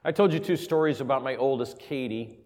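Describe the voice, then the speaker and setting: A man preaching a sermon and telling a personal story, moving from quiet, intimate asides to loud, emphatic peaks. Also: mid-range voice, fairly quick. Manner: emotional, builds from soft asides to loud emphasis. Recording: reverberant hall.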